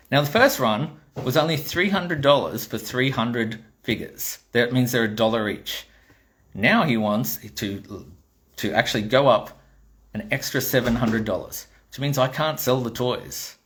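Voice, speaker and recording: A man's voice: mid-range voice, moderate pace. A middle-aged Australian man who designs toys, telling a blunt, swearing story in a casual monologue, acting out the dialogue as he goes. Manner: blunt and swearing, animated retelling with quoted dialogue. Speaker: toy designer.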